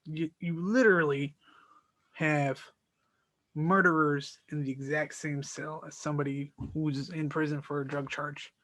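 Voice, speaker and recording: A man hosting his own podcast, telling the story of an argument in a casual, animated and exasperated way, acting out both sides of the dialogue. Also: fairly high pitch, measured pace, no echo. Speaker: podcast host.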